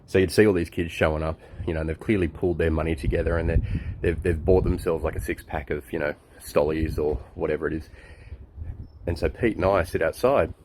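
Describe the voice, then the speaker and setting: A man's voice: rumbling low, steady tone, a little fast, a little mellow, slight background noise. A man in his forties with an Australian accent, telling a long, rambling anecdote to a friend, chuckling and full of fillers. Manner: chuckling, loose storyteller with many fillers. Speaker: friend giving a birthday message.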